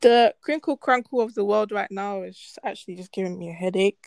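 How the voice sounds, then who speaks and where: A woman's voice: mid-range voice, fairly quick, vocal fry, dry recording. A young woman co-hosting a podcast, talking bluntly and swearing with exasperation. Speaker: podcast co-host. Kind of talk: casual chat.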